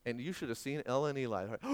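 A man in his thirties or forties preaching as a pastor, telling stories and acting out dialogue in between. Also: clear, resonant tone. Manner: animated storytelling with acted-out dialogue and sudden pitch jumps. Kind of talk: sermon.

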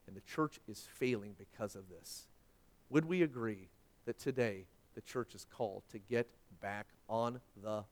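A man preaching a sermon, swinging from loud emphatic peaks down to quiet, low-voiced stretches. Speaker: pastor.

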